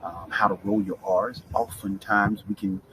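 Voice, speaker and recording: A middle-aged man with a fairly low voice gives a casual Spanish pronunciation lesson, sliding easily between Spanish and English. He keeps checking in with the learner as he goes. A faint room ambience sits under his voice. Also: fairly even intonation, normal speed, a bit bright, slight background noise, low-quality recording. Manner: chatty, mixes Spanish and English, frequent "right?" check-ins. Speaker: Spanish teacher.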